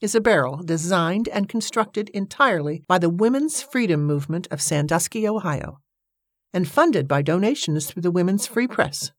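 A woman's voice: on the low side, expressive, normal speed, dry recording, studio quality, voice pushed up. A woman reading an audiobook, voicing a haughty, indignant woman who leads an activist movement. She declaims in a pompous manner. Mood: indignant, declaiming.

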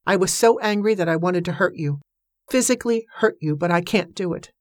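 Give me a bitter, heartbroken man speaking softly, as a woman narrator puts him on. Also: fairly low pitch, brisk, dry recording, clean studio sound, lightly acted. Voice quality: soft, sad and accusing.

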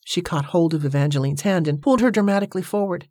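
A woman with a fairly low pitch narrates a novel as an audiobook, delivering the scripted text in a steady, measured storytelling way. The recording is dry and of studio quality.

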